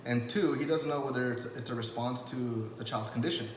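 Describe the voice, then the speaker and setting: This man teaches rapport skills to camera in a medium-pitched voice, talking a little fast. The lesson is loose and chatty, packed with fillers, restarts and quotes he acts out. A little hiss or hum sits under the echoey, long-reverb room sound.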